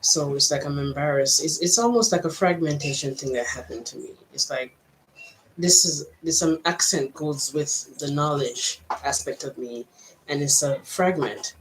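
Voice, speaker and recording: Halting woman with an American-Jamaican accent. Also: sits low, a little hiss or hum, low-quality recording. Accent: mix of American and Jamaican. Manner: reflective, halting, thinking aloud with frequent restarts. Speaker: vlogger. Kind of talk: personal vlog monologue.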